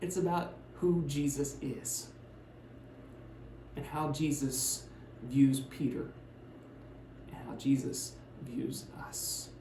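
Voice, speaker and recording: Pastor telling a Bible story in an echoey sanctuary. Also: male voice, mid-range voice, slow pace, long pauses, slight background noise. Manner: conversational storytelling with shifts between loud and hushed. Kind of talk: sermon retelling a Bible story. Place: church sanctuary.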